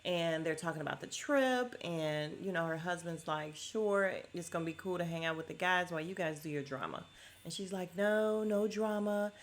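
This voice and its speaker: A woman's voice: deep voice, moderate pace. A middle-aged woman hosting a podcast from home, casually recapping a reality show with blunt, sassy asides and laughs.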